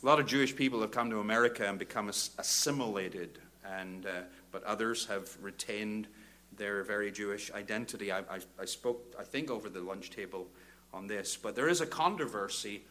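An older man preaches a sermon. His voice is bright and forceful, and he swings between low, thoughtful passages and rising, ringing appeals. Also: brisk. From Northern Ireland. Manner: builds from quiet reflection to loud fervent exhortation.

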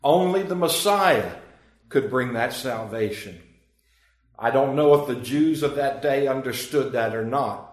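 A man's voice: medium pitch, echoey room. A man preaching a sermon as pastor, earnest and emphatic, with swelling and dropping emphasis.

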